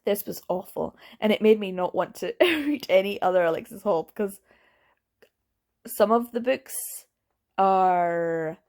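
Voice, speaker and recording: A woman chatting casually as a book reviewer, candid and blunt, lively and quick to laugh, with plenty of filler words. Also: lowish voice. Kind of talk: casual vlog chat.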